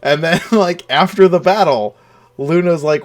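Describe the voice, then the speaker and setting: A man hosting a casual recap chat about a tabletop game, retelling scenes with animated, laughing energy. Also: fairly high pitch, measured pace. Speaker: dungeon master host.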